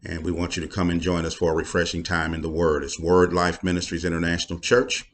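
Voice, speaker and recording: A man's voice: low voice, level tone, fast talker, a little hiss or hum. A middle-aged man, a pastor talking casually to viewers in a folksy, preachy way with playful asides.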